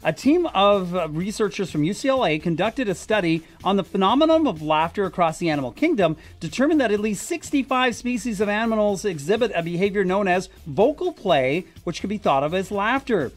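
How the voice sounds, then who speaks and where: A man's voice: high-pitched, lively intonation, brisk, few pauses. A man co-hosting a morning radio show, chatting in a playful, enthusiastic way in a studio. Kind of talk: casual radio banter.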